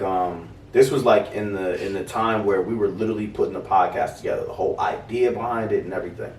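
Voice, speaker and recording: Animated storytelling man, roomy far mic. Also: on the low side, a little hiss or hum. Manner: animated, swearing, acts out quoted voices. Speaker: podcast co-host. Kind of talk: casual storytelling.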